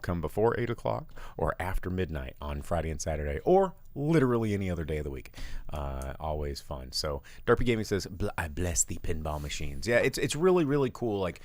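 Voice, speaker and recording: A man co-hosting a casual live show, telling rambling, animated stories about his bar. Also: no room sound. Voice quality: big booming voice when yelling. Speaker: podcast co-host and bar owner.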